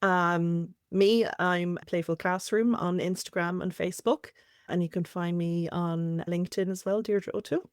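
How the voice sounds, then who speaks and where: An Irish woman chatting as a guest on a podcast, relaxed and easy, with frequent "um" fillers. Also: fairly low pitch, unhurried, clean tone, no echo, clean studio sound. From Ireland. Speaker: conference organizer, guest. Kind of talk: casual podcast chat.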